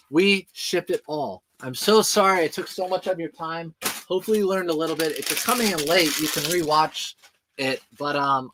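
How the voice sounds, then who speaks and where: A chatty man in his thirties talks through his packing routine on a livestream. His voice sits a bit high for a man. He rambles, answers chat questions as they come in, and jokes with viewers. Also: bright, forceful tone, slight background noise. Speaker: eBay reseller streaming to viewers. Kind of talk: casual livestream chat while packing orders.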